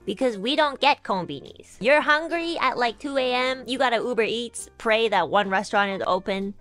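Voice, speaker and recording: A young woman streamer telling a story in casual chat, animated, laughing often and swearing freely. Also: medium pitch.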